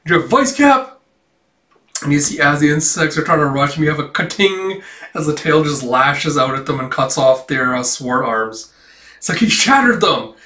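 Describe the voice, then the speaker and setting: A man's voice: a little high, steady tone, moderate pace, pushed and bright. A man casually reading through a manga chapter and commenting, chuckling often and leaning on fillers as he quotes the dialogue. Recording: roomy, a bit distant from mic.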